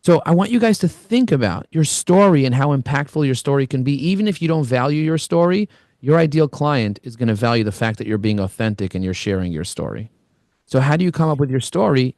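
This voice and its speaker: A man in his forties hosting a live online coaching session, energetic and storytelling, with rambling asides. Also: medium pitch, no echo, clean studio sound. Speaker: host, LinkedIn coach.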